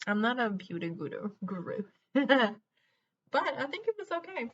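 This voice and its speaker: A woman's voice: a little high, sing-song, normal speed, lo-fi sound, slight background noise. A young woman from Venezuela, chatting candidly at home while she does her makeup, rambling through childhood memories and laughing through hard moments. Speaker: vlogger. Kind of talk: get-ready-with-me chat while doing makeup.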